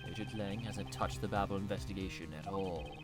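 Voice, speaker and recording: A man voicing a composed, formal male prosecutor in a measured, deliberate way. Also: deep voice, soft background music, pitched below the performer's own voice, natural voice. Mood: calm.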